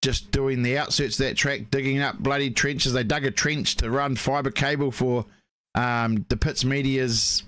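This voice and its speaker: A man's voice: mid-range voice, fairly even intonation, measured pace, fairly bright tone, no room sound. A man with a New Zealand accent, co-hosting a casual live stream and telling rambling stories full of fillers. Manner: rambling, chatty storytelling with many fillers. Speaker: co-host.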